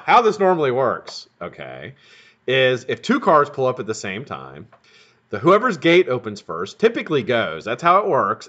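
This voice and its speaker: A man's voice: mid-range voice, a bit bright, husky. A man hosting a live stream, telling a rambling, profane story in a casual way. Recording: dull lo-fi stream audio.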